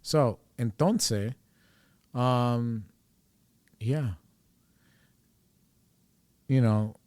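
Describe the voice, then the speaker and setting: A man's voice: fairly low pitch, unhurried, long pauses, a little mellow, dry recording. A man in his forties hosting a podcast, telling a personal story in a rambling, candid, profane way. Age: 40s. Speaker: podcast host.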